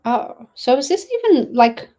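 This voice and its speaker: A woman's voice: fairly high pitch, animated, a little slow, mellow, rough recording. A young woman chatting casually on a livestream, greeting viewers and rambling about her reading goals with plenty of fillers, from her dad's study at home. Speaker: livestreaming booktuber.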